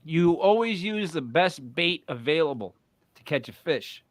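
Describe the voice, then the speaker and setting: A man with a Rhode Island accent who drops his R's, co-hosting a podcast in animated, joking banter. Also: on the high side, unhurried, dry recording. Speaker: podcast co-host.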